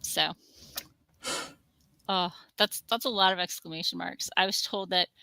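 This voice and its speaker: A woman's voice: lowish voice, a little slow, vocal fry, bright, forceful tone, no room sound. A woman hosting a casual livestream, talking in a chatty, rambling way and cooing at her cat now and then. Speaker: livestream host.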